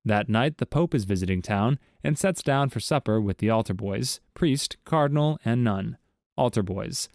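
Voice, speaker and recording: A man narrating a series of jokes in an even, scripted storytelling read. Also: mid-range voice, normal speed, vocal fry, no echo, studio quality.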